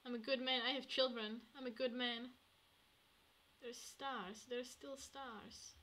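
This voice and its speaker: A woman streaming a game, chatting to herself and swinging between hushed murmurs and excited outbursts. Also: a little high, takes it slowly, a little hiss or hum. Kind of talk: casual gameplay commentary.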